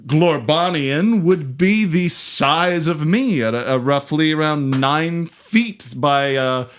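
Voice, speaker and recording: A man voices a pompous alien news anchor in a comedy audio drama, delivering absurd lines in a formal, deadpan manner. His voice sits a little higher than usual for a man. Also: takes it slowly. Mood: lecturing.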